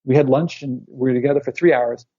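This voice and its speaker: A man's voice: mid-range voice, fast, husky, dry recording. A man in his forties, an author speaking as a guest in an interview, telling stories and acting out what people said, heard over dull lo-fi call audio. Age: 40s. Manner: animated storyteller who acts out quotes. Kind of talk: conversational interview storytelling. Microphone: remote call line.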